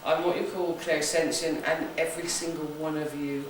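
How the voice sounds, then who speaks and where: In a large, echoey room of an old building, a camera captures from afar a West Country woman hosting a ghost hunt as a psychic. Her voice sits low with a flat delivery at a moderate pace; she briefs the group chattily and jokily, checking with "okay?", amid background noise.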